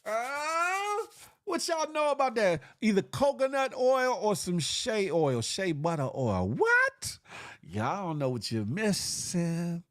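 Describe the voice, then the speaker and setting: A man's voice: slow, no echo, clean studio sound. A man with a Southern US accent hosting a casual morning live stream, reading chat comments aloud and laughing often. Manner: animated, laughing, big pitch swings.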